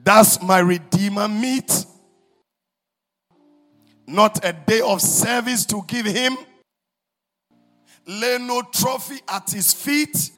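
A man voicing a dying young man who pleads in anguish, with a husky voice that cries out loudly. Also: sits high, takes it slowly, long pauses, faint music behind, pitched above the performer's own voice.

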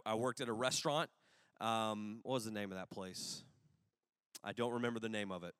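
A man's voice: on the high side, fairly bright tone, clean studio sound. A young adult man preaching a sermon, telling personal stories in a casual, humorous way with rambling asides. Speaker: pastor. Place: large room with an audience. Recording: long hall reverb.

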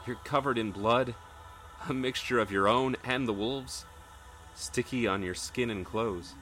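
A man's voice: mid-range voice, unhurried, fairly bright tone, soft background music. A man narrating a tabletop role-playing game as game master, telling the story in dramatic second person.

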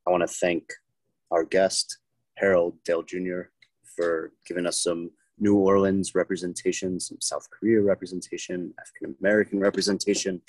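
A man hosting a podcast, wrapping up the episode in a measured way with a few fillers. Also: sits low, darkish tone, dry recording, rough recording. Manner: measured, thanking guests with some filler. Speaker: podcast host. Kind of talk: closing remarks.

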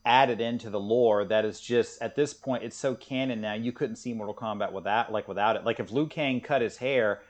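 A man's voice: fairly low pitch, moderate pace, hardly any pauses. Chatty man with many fillers. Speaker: podcast co-host. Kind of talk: casual chat.

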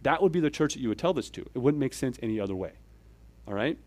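A man preaching in an easy, conversational way, his voice sitting in the middle of the male range. He lays the teaching out step by step and keeps tagging lines with "okay?" and "right?". He swings from louder, emphatic pushes to soft, dropped asides. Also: medium pitch, lively intonation, fast. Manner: checks in with frequent "okay?" and "right?". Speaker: church elder preaching. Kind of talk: conversational sermon.

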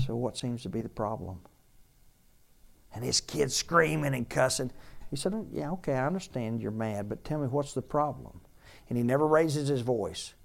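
A man, a pastor, preaching a sermon in a conversational way and repeating key phrases for emphasis. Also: mid-range voice.

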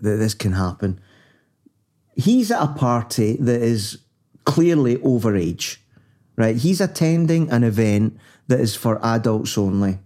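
A man's voice: mid-range voice, warm tone. A man with a Scottish accent co-hosting a casual podcast, rambling through anecdotes and swearing freely. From Scotland. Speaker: podcast co-host.

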